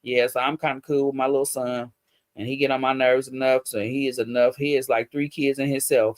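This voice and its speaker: A woman's voice: a bass voice, flat delivery, fairly quick, darkish tone, no echo, studio quality. A middle-aged woman chatting casually on a livestream, telling stories about raising her son in a blunt, profane, laughing way. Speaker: livestream host.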